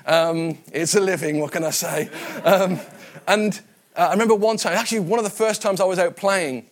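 Preaching a sermon, a man from the West Midlands of England tells personal stories conversationally, often repeating his words. He has a high voice and speaks at a moderate pace.

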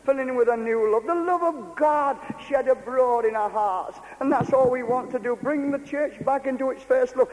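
A man's voice: extremely high pitch, moderate pace, hardly any pauses. An older man preaching a fervent, repetitive revival sermon to a congregation in a meeting hall.

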